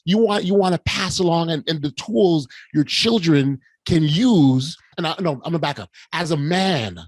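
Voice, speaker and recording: A man's voice: a little high, normal speed, no room sound. A middle-aged man hosting a podcast conversation, telling a story with lots of restarts and emotion. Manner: animated, stammering restarts, emotional retelling. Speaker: podcast host. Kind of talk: casual conversation.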